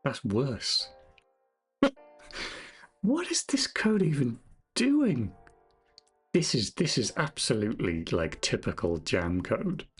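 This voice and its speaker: A man's voice: medium pitch, sing-song, slow pace, long pauses, husky, soft background music. A man streaming his game development, thinking aloud as he codes, correcting himself and chatting with viewers in a jokey, self-deprecating way. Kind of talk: casual live-stream commentary while coding.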